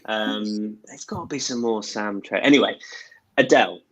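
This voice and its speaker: Low-voiced man hosting a racing tips chat. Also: a bit bright, no echo, low-quality recording. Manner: halting, self-deprecating, many fillers. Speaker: host. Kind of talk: casual betting tips chat.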